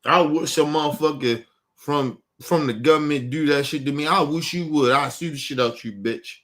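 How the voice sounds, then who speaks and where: A man hosting his own online show delivers a blunt, profanity-heavy rant, talking straight to his viewers. His voice sits a little higher than most men's, and he hammers his points by repeating them insistently. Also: normal speed, a bit bright. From Baltimore. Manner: emphatic, blunt, cursing, repeats himself; addresses viewers directly, urging them.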